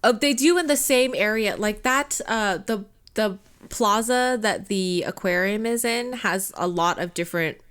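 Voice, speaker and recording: A woman co-hosting a podcast, chatting casually with a steady, mid-pitched voice. She talks loosely, filling her sentences with "like" and laughing often. The tone stays relaxed and conversational. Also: unhurried, hardly any pauses. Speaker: podcast co-host. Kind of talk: casual chat.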